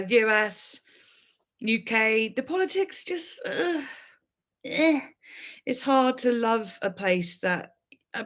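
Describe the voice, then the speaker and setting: A young English woman hosting a relaxed livestream, talking in a bubbly, meandering way. She giggles often and peppers her sentences with "like", and her English accent carries hints of her Devon roots. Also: medium pitch. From Devon, England. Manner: bubbly, rambling, many "like"s, giggly. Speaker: livestream host. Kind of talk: casual livestream chat.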